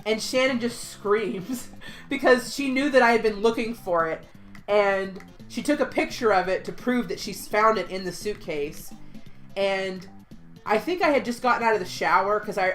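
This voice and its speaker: A woman telling a story in casual chat, animated, swearing freely and acting out what people said. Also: medium pitch, normal speed, faint music behind. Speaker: podcast host.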